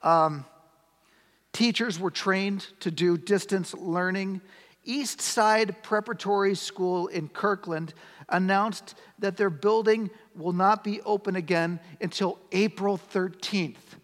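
A man's voice: high voice, slow pace. A man preaching a sermon as a pastor, conversational, asking the congregation rhetorical questions. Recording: long hall reverb.

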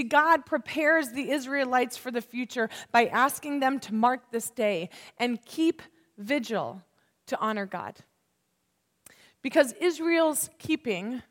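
A woman in her thirties delivers a sermon with a high voice and a slow, deliberate pace. She leans on key words and checks in with her listeners. Her voice carries a long reverb from a large hall. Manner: unhurried and emphatic, asking the listeners questions. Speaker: preacher.

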